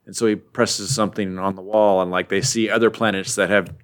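A man's voice: on the low side, little pitch movement, fairly quick, fairly bright tone. A young man casually retelling a comic book plot, rambling with lots of fillers and offhand jokes. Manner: rambling, filler-heavy, joking.

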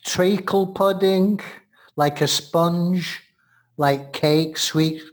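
A man's voice: high-pitched, fairly even intonation, extremely slow. An Englishman co-hosting a show, explaining things in casual chat, often laughing. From England.

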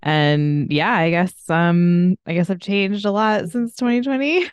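Chatty podcast host lady, lowish smooth voice, laughs a lot, dry close sound. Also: measured pace, no echo. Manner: chatty, laughs often while telling stories. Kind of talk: casual chat.

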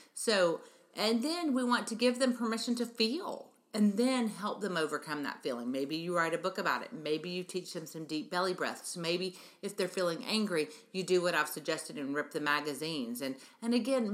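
A woman's voice: on the low side, a bit bright. A middle-aged woman hosting a parenting talk show, speaking earnestly and emphatically to her listeners as an early-childhood educator. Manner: earnest, emphatic, addresses listeners as "you guys". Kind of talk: radio-style parenting talk monologue.

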